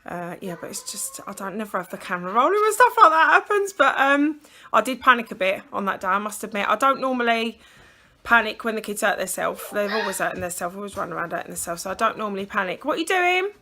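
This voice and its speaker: A woman's voice: mid-range voice, lively intonation, quick pace, bright, forceful tone, a little hiss or hum. A British woman in her thirties chatting casually to camera in a family vlog, rambling with lots of ums. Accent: British English. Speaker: mum vlogger. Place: at home and out at the shops.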